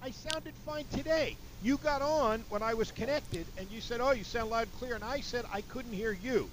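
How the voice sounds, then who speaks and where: A man on a remote line, ranting angrily about his audio setup and yelling in bursts. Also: very high-pitched, normal speed. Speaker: remote radio co-host. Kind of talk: angry rant about audio problems. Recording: noisy remote line, far off.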